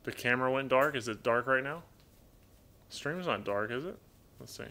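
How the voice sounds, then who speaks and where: A man with a raspy voice hosting a casual live Q&A stream from home, in a loose, rambling way, reading chat messages aloud and talking to his pet birds. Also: mid-range voice, expressive, normal speed, pushed and bright.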